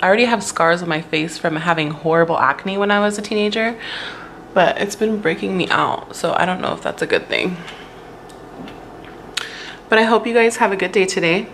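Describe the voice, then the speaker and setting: A woman's voice: fairly low pitch, normal speed, pauses often, a bit bright. Young woman vlogger, chatty, laughs a lot, faint noise behind. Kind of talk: casual chat.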